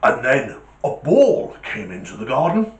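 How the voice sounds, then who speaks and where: A man's voice: mid-range voice, wildly swooping pitch, a little slow, roomy sound. A man doing a clipped soldierly guard dog. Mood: dutiful. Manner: clipped, formal, keeps saying sir. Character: dutiful male Alsatian guard dog, soldierly.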